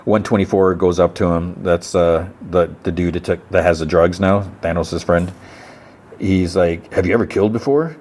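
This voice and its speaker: A man's voice: low voice, little pitch movement, a little slow, darkish tone, slight background noise. A man hosting a podcast, casually retelling a TV episode in a rambling way, stumbling and repeating words. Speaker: podcast host.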